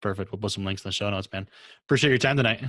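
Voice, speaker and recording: A man's voice: fairly low pitch, very fast, a bit bright, dry recording, studio quality. A man hosting a podcast, thanking his guest and giving a friendly sign-off. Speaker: podcast host. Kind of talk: podcast interview and outro.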